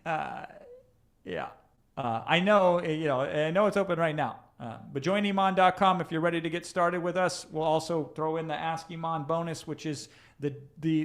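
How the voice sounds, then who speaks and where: Chatty man coaching live, slightly high voice. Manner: conversational, addresses listeners directly with tag questions; frequent restarts and fillers while thinking aloud. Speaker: coach hosting a live session. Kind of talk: live-streamed coaching talk.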